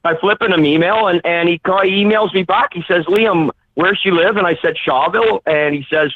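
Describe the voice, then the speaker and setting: A man's voice: high voice, a little fast. A man, a phone-in guest telling a long anecdote animatedly and acting out the voices he quotes. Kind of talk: anecdotal storytelling. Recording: tinny phone line.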